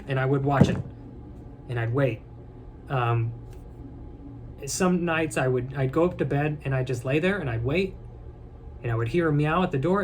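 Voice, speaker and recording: A young man rambling casually to his viewers, joking one moment and halting the next. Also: mid-range voice, background noise. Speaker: vlogger.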